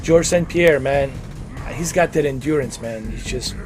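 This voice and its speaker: A man's voice: medium pitch, a little slow, over music. A man in his forties chatting casually on a gaming livestream, rambling, repeating himself and giving earnest opinions. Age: 40s. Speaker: livestream gamer.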